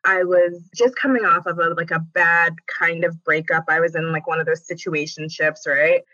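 Woman guest telling a story all dramatic and animated, bright voice, kinda dull recording. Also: fairly low pitch, moderate pace, no echo. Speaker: podcast guest. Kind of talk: casual faith conversation.

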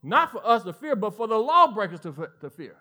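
High, bright-voiced Southern preacher man. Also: fairly quick. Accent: Southern American. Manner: animated preaching, voice swinging from loud to hushed. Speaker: pastor. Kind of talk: sermon.

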